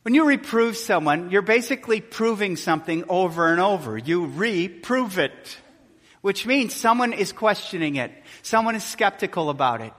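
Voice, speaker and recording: A man preaching a sermon as pastor, animated, acting out shouts and quotes and dropping to a hush. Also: high voice, normal speed. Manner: animated, acts out shouts and quotes, swings from loud to hushed. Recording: long hall reverb.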